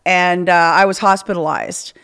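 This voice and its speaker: Woman, podcast host, blunt and swearing, animated candid storyteller. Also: fairly low pitch, moderate pace, creaky, smooth. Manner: rambling with restarts and quoted dialogue.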